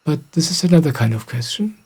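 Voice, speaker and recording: A middle-aged man, a spiritual teacher, calmly answering questions in a gentle, reflective way. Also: on the high side, brisk, husky. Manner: gentle, reflective, soft-spoken. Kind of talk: calm satsang answering questions.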